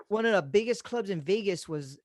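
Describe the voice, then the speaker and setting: A man, hosting a podcast and telling stories in casual chat, animated and swearing freely. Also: high voice, a little fast, no room sound. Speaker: podcast host.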